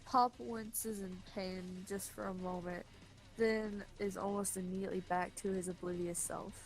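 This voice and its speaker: A woman's voice: mid-range voice, steady tone, moderate pace, faint music behind, low-quality recording. A woman narrating a visual novel playthrough with friends, reading the text aloud with wry asides.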